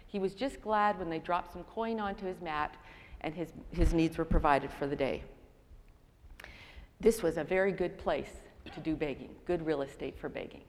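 A woman's voice: deep voice, normal speed. An older woman delivers a sermon through personal stories, poking fun at herself along the way. Her voice carries a long reverb, as if recorded in a large hall. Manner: storytelling, self-deprecating. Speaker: speaker.

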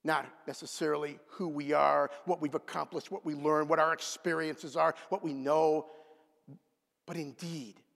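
A man preaching a sermon with dramatic swings between loud exclamations and hushed whispers. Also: fairly high pitch, steady tone, moderate pace, vocal fry. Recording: long reverb of a large hall.

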